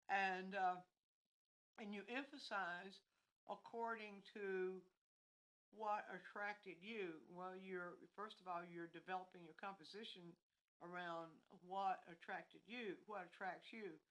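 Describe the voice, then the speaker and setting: A woman's voice: mid-range voice, a bit bright, low-quality recording. A woman teaching painting on a livestream, explaining her points in a meandering way and thinking aloud with many restarts. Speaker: art instructor.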